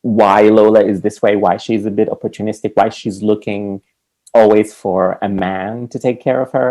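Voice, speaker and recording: A man's voice: fairly low pitch, gravelly, warm tone, rough recording. A man co-hosting a podcast, talking casually and animatedly about a film, laughing often. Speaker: podcast co-host.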